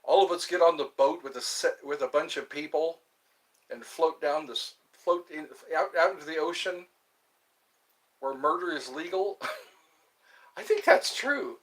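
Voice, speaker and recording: Slow rambling man livestreaming alone. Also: on the high side, a bit bright. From US East Coast. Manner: slow, meandering, talks to himself, laughs. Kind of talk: rambling solo livestream chat.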